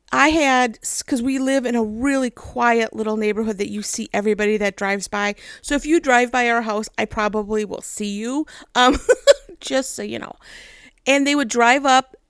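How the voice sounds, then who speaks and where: A woman's voice: fairly high pitch, clear, resonant tone, no echo, studio quality. A young adult woman telling a long personal story in a chatty way, laughing often and acting out what people said. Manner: chatty, laughing, animated quoted voices. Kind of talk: casual storytelling.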